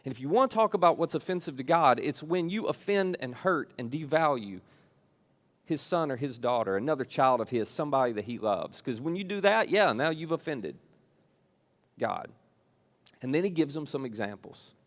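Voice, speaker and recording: A man's voice: mid-range voice, expressive, normal speed. A man preaching a sermon as a church pastor, telling the scripture story in a casual, conversational way. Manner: storytelling, retells scripture in casual modern paraphrase.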